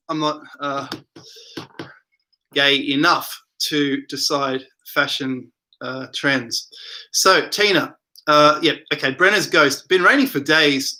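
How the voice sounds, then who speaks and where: Bright, high-voiced man chatting late. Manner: rambling, reads viewer comments aloud. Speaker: livestream host reading chat. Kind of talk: casual late-night livestream chat. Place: home, Melbourne, at night.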